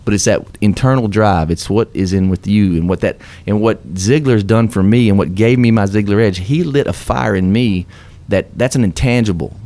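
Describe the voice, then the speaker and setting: At a moderate pace with hardly any pauses, a man with a warm, fairly low voice tells his success story on a radio show. His guest appearance is motivational, earnest and upbeat, with preacher-like emphasis.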